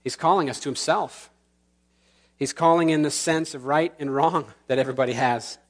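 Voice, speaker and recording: In a church sanctuary, a male pastor with a fairly high voice preaches a sermon earnestly, using slow, emphatic pauses, and then leads the congregation in prayer.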